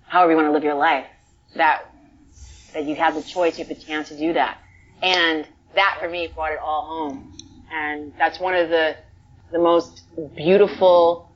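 A woman from the Bronx, an actress telling a story in a casual interview, emotional and animated, full of "like" fillers. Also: sits low. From the Bronx, New York. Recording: dull lo-fi sound.

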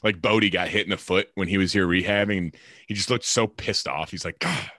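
A fairly low-voiced man in casual podcast banter, tossing in quick jokes and acting out what people said. The recording is dry and close, with no room sound. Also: steady tone, pushed and bright, no echo. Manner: joking, quick asides, acts out quotes. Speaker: podcast co-host, baseball player. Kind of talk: casual chat.

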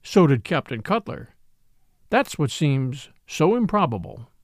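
Quiet, calm little priest detective in a radio-style story, read by a man. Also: on the high side, unhurried, dry recording, clean studio sound, heavily acted. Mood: calm, grave. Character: little mild-mannered male priest detective.

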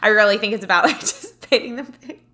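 Bright-voiced chatty woman. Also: medium pitch, fast talker. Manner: chatty, heavy use of "like", laughs often. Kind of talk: casual chat.

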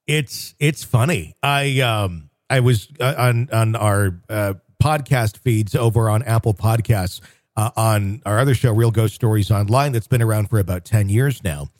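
A man's voice: fairly low pitch, a little slow, no echo, studio quality. Man co-hosting a chatty podcast. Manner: rambling, with frequent restarts and fillers. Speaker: podcast co-host. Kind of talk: casual conversational chat.

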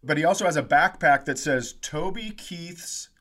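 A man hosting a comedy podcast, telling a story in a casual, animated way and acting out what people said. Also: on the high side, moderate pace. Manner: animated storyteller, acts out quotes, laughs often.

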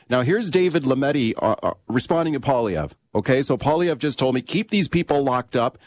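A man's voice: mid-range voice, animated, a little fast, few pauses. A man hosting a talk radio show, chatting with a regular political commentator and prompting him with questions.

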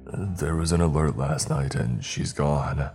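A man voicing a grieving middle-aged father, speaking slowly in a wavering, broken baritone. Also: creaky, faint music behind, heavily acted. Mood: grief-stricken. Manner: slow, muttered, flat monotone.

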